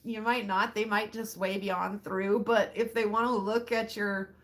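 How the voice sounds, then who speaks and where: Her mid-range voice is flat, a bit bright and moderately paced as this Montana rockhound channel host chats with viewers. She laughs plenty and sprinkles in "like" and "seriously" again and again.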